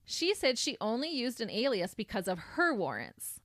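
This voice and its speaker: A woman's voice: on the high side, sing-song, moderate pace, a bit bright, no echo, clean studio sound. Sardonic woman telling a true crime story. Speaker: podcast host. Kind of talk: true crime podcast narration.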